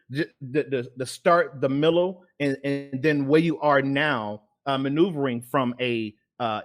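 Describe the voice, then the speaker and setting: Male host, mid-pitched, loose rambling interviewer with restarts. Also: a bit bright. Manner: rambling, repeats words, many fillers. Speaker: podcast host. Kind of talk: casual interview chat.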